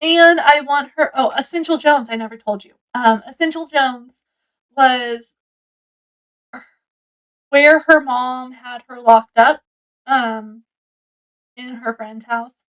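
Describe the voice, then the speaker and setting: A woman's voice: high-pitched, slow, long pauses, a bit bright, rough recording. A woman casually reviewing a book, rambling through the story with lots of likes and ums.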